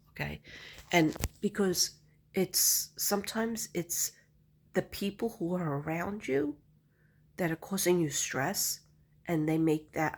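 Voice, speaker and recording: A woman's voice: low-pitched, slightly rough. A middle-aged woman vlogger chatting casually to camera, rambling and laughing often.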